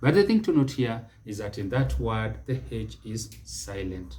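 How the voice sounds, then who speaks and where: A man with a Kenyan accent teaching English pronunciation, speaking deliberately and repeating each word for emphasis. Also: lowish voice, very animated, a little mellow.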